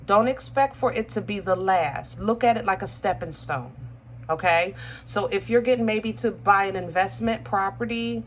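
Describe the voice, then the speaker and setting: Speaking at a moderate pace in a medium pitch, this woman reads tarot for her audience with faint noise behind her. Warm and talkative, she addresses viewers as y'all and baby, pausing to search for words, restarting, and saying um a lot.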